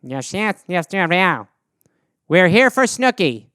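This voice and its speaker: A man's voice: sits high, very animated, takes it slowly, pushed and bright, clear, resonant tone, no room sound, clean studio sound, pitched below the performer's own voice, heavily acted. A man voicing a dim, polite male alien visitor who keeps repeating yes and yep, in a comedy bit. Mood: eager.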